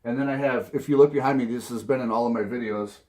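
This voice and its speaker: A man's voice: medium pitch, fairly even intonation, quick pace, darkish tone. A man from Minnesota with a Minnesota accent, talking casually to camera from his home music room, rambling and chuckling at his own asides. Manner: rambling, chuckles often, self-mocking asides. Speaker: vinyl collecting vlogger.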